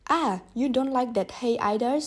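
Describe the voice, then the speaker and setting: A woman's voice: mid-range voice, moderate pace, breathy edge, close to an everyday voice. A woman voicing a harsh, angry farmer who scolds his donkey sarcastically in a storybook reading.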